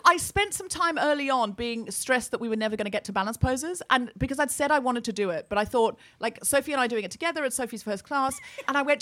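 A woman with a slightly higher voice tells a comic story into a stage microphone in a small live venue. She talks chattily, slipping into the voices of the people she quotes as she goes. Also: fast talker, hardly any pauses, a bit bright. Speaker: comedy podcast co-host.

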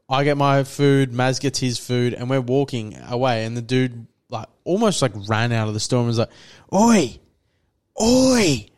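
A young man co-hosting a podcast tells a rambling story in casual conversation, full of "like," restarts, and acted-out quotes. His mid-range voice has a clean tone.

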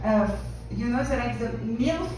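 A young Frenchwoman with a slightly high, animated, somewhat mellow voice speaks at a measured pace in French-accented English. She does brash, self-mocking stand-up and workshop chat, laughing often. The recording is echoey, with a distant mic and background noise.

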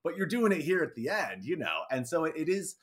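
A woman co-hosting a casual podcast, talking expressively and swinging between loud and soft. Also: low-pitched, big pitch swings, brisk, breathy edge. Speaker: podcast co-host.

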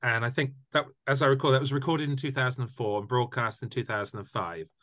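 A man in casual conversation, telling animated anecdotes and often repeating words as he restarts a sentence. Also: mid-range voice, quick pace. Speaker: guest, tour company founder. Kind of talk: casual storytelling chat.

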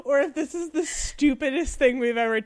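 A woman's voice: sits high, normal speed, noisy background. Wry young woman podcast co-host. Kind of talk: casual chat.

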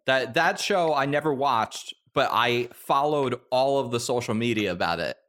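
A man's voice: mid-range voice, animated, moderate pace, a bit bright. A man hosting a podcast in casual chat, rambling, swearing and laughing often. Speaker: podcast host.

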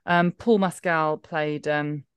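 Low-voiced woman, dry studio sound. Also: fairly even intonation, slow, smooth, no echo. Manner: chatty, emphatic, trails off into asides. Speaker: podcast co-host. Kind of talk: casual chat.

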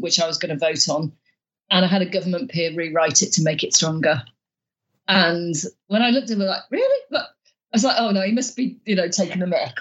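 Woman guest, lowish pitch, lively storyteller who trips over her words, muffled recording. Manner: chatty, many restarts, animated storytelling. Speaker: guest peer. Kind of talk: conversational interview.

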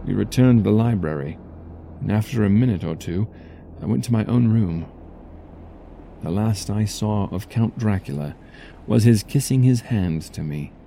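Dark-voiced male audiobook narrator. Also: lowish voice, gravelly, a little hiss or hum. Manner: measured, storytelling delivery. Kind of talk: dramatic first-person audiobook narration. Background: faint music.

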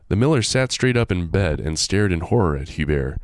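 A man hosting, reading a folk tale aloud with animated, joking asides. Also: deep voice, fairly quick, hardly any pauses, dry recording, clean studio sound. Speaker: host. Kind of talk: storytelling with jokey asides.

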